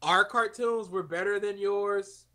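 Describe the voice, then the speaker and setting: A young man co-hosting a casual podcast chat, excitable and prone to sudden loud outbursts. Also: high-pitched, a little slow. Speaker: podcast co-host.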